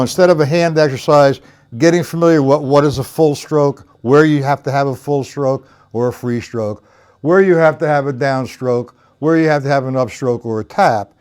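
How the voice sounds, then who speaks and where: A man's voice: medium pitch, moderate pace, darkish tone, clean tone, soft background music. A man giving a live-streamed drum lesson, counting beats aloud and talking to viewers by name. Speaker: drum teacher.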